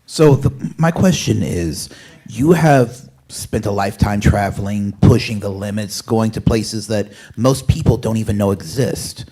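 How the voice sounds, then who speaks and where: A man in the audience asking a question slowly and deliberately. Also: lowish voice, dark tone, slight background noise.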